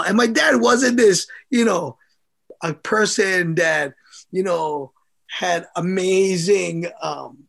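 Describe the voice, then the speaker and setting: A middle-aged man tells his stories in a casual interview. His voice sits high and carries a gravelly edge. He talks in an animated way, laughing often and acting out what others said. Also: slow pace. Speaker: former amateur boxer, guest.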